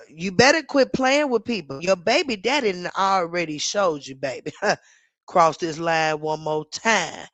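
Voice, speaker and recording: A woman's voice: on the low side, lively intonation, measured pace, no echo. A woman, hosting a casual live commentary stream, reading the chat aloud and talking back to it, sassy and laughing often. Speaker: livestream commentary host.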